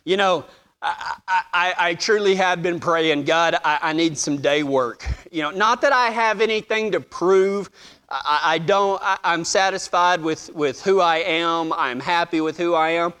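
A man's voice: sits high, moderate pace, pushed and bright, smooth. A man preaching a sermon, telling funny personal stories and acting out the voices in them with a self-deprecating humor.

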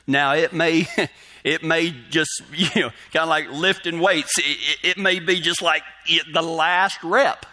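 A man preaching a sermon as pastor, folksy and animated, with cowboy talk. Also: medium pitch.

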